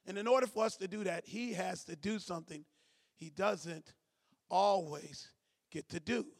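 High-voiced man preaching in a reverberant hall. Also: moderate pace. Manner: preaching with call-and-response, swinging from shouts to low asides. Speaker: pastor. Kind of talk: sermon. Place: church sanctuary.

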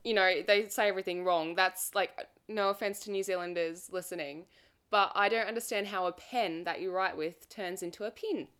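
An Australian woman hosting a casual podcast chat, cheeky and teasing, quick to laugh. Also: mid-range voice, fairly bright tone, clear, resonant tone. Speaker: podcast host.

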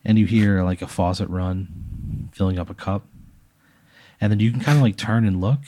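A man's voice: on the low side, normal speed, dark tone. A man in casual podcast chat, telling an absurd hypothetical story in a rambling way, full of filler words and bits of laughter.

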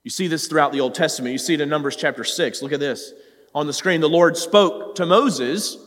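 A man's voice: a little high, a little fast, fairly bright tone. A man preaching a sermon as a pastor, earnest and talking straight to his listeners, rising at times to pleading cries. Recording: long hall reverb.

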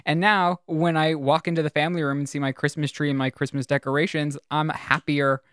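A man's voice: fairly high pitch, level tone, brisk, fairly bright tone, clear, resonant tone, dry recording. Chatty man co-hosting a podcast, dry sound. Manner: chatty, laughs often, dramatic reactions. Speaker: podcast co-host. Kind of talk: casual chat.

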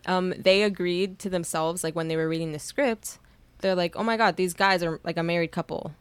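A woman's voice: fairly low pitch, fairly quick, smooth, no echo. A young woman co-hosting a podcast, telling stories in casual chat with lots of "like" fillers and some swearing. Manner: animated storyteller, fillers of "like", swearing. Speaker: podcast co-host.

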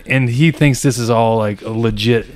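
Man, podcast co-host, casual rambling chat, mid pitch. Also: steady tone, moderate pace, darkish tone. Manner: rambling storyteller, heavy on "like" and "you know".

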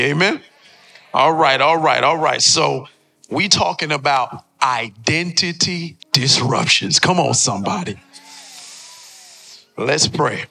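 A young male pastor preaches to a congregation in a church, his voice very bright with a gravelly edge. He talks playfully and draws shouts back from the crowd. Soft music plays underneath. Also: a little high, measured pace. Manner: playful, call-and-response preaching with a lively congregation. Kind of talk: sermon. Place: church sanctuary before a congregation.

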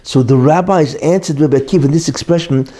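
A man's voice: fairly high pitch, fairly quick, mellow. A middle-aged man teaching a Torah lesson, emphatic and repetitive, posing rhetorical questions and then answering them. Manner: repeats key points for emphasis. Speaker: religious teacher.

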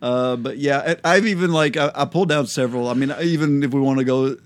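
A man co-hosting a casual theology podcast, talking fast with loose restarts and frequent laughs. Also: mid-range voice. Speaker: podcast co-host.

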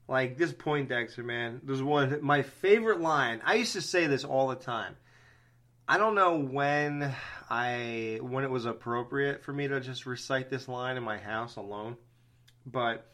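A man co-hosting a horror movie podcast, chatting casually with friends. He talks with animation, laughs easily and swears freely. His voice sits bright and forward. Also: medium pitch. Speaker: podcast co-host. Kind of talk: casual chat.

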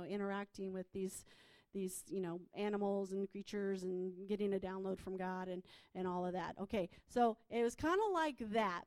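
A prophetic minister with a fairly high-pitched voice shares her personal testimony, with no room sound. She's chatty, with plenty of fillers and restarts.

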